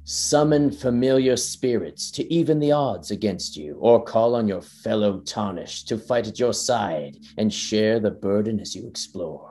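A man's voice: fairly low pitch, measured pace, hardly any pauses, warm tone. A man co-hosting a podcast, reading dramatic trailer narration and chatting casually, stumbling over words and laughing at his own slips. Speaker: podcast co-host.

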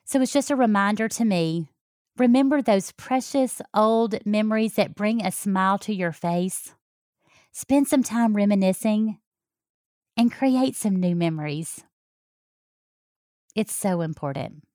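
A woman's voice: mid-range voice, a little slow, pauses often, no echo, studio quality. A middle-aged woman, a health coach talking to her listeners in a folksy, heartfelt way. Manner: warm, folksy, talks straight to listeners. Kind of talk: heartfelt personal talk.

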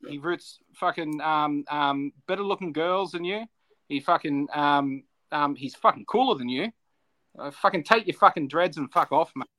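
Foul-mouthed man, high bright voice. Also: moderate pace. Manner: heavy swearing, ranting. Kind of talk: casual chat.

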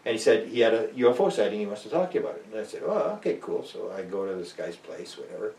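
A man's voice: on the low side, rapid-fire, a little mellow, slight background noise. An older man, a guest author rambling through stories with many restarts and acted-out quotes. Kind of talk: rambling storytelling interview. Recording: roomy and distant.

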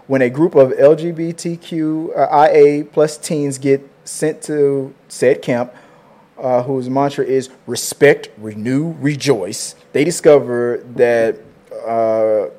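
A man's voice: medium pitch, steady tone, takes it slowly, dark tone. A man hosting a casual entertainment news show, chatting about new releases and reading viewer comments aloud. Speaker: show host.

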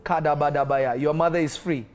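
A pastor leading a live-streamed deliverance prayer, giving commanding declarations mixed with speaking in tongues, swelling to loud fervent peaks and dropping to quick murmurs. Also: medium pitch, slightly rough, faint music behind.

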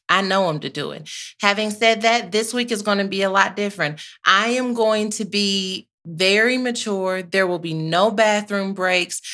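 A woman's voice: on the low side, bright, forceful tone. A woman in her thirties hosting a podcast live, chatting casually with playful asides and church-flavored sayings. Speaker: podcast host. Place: her office.

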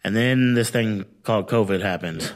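Casting: male podcast host with a lowish voice, upbeat and eager, frequent affirmations. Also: normal speed. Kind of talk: casual interview chat.

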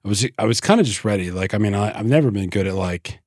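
Husky-voiced man telling a rambling story. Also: lowish voice, expressive, quick pace, darkish tone, dry recording, studio quality. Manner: profane, rambling, with many restarts. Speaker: podcast host. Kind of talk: casual storytelling chat.

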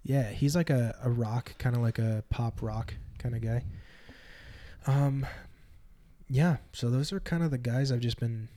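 Joking twenty-year-old guy, mid pitch. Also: a little slow, mellow. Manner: joking, teasing. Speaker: guest musician. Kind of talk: casual chat.

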